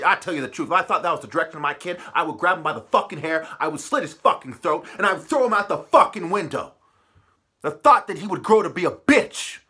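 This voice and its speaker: A man in a profane, preachy ranting monologue, swinging from muttering to shouting. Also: fairly high pitch, slightly rough. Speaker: vlogger.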